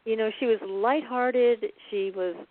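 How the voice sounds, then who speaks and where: A woman's voice: a little high, steady tone, a little slow, no echo. A woman co-hosting a conversational interview, chatty and affirming toward her guest. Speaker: co-host. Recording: tinny phone-line audio.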